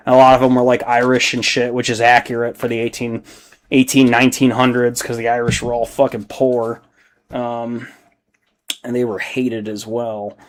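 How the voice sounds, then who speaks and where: A man's voice: mid-range voice, darkish tone. Rambling casual male livestreamer. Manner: rambling, swears freely, reacts to chat. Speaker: hobby painting livestreamer. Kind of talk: casual livestream chat while painting.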